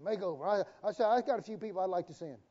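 A man's voice: sits high, rapid-fire, mellow. A man preaching a sermon as the pastor, folksy and joking, calling on the congregation to repeat after him. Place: church sanctuary. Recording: dull, reverberant live church stream.

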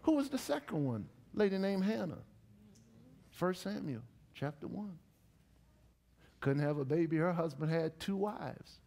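A middle-aged man preaching a sermon in a church, with lively call-and-response to the congregation. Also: fairly high pitch, measured pace, vocal fry, pauses often. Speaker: pastor. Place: church sanctuary.

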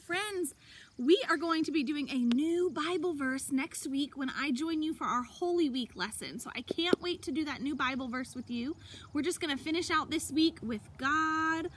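Woman, preschool teacher, high voice, animated, encouraging, talking to small kids, outdoors. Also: moderate pace, slight background noise. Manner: animated, encouraging, speaks to young children. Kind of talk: child-directed circle time lesson.

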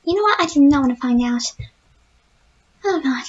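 A woman voicing a timid, gentle young female pegasus pony, playing a game in character and talking to herself with easily spooked, jittery chatter. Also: sits high, animated, normal speed, muffled recording. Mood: nervous, scared. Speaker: let's-play gamer in character.

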